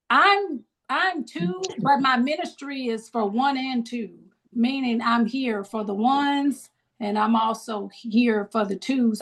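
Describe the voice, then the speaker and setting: A woman's voice: sits high, fairly bright tone. A middle-aged woman leading a grief support group on a video call, encouraging people with preacherly call-and-response. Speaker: grief ministry leader.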